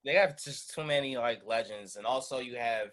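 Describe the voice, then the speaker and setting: A man on a casual podcast panel, arguing his picks in an animated, emphatic way. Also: mid-range voice, moderate pace. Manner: animated, emphatic, laughs a lot. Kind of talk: casual debate chat.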